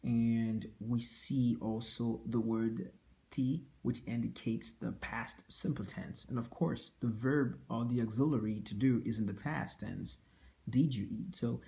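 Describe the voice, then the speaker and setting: A man teaching a language lesson at an unhurried pace. His voice is mellow and relaxed, and he says each example twice and keeps checking in with "okay?". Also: mid-range voice, creaky. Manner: slow, repeats each phrase, asks "okay?" often.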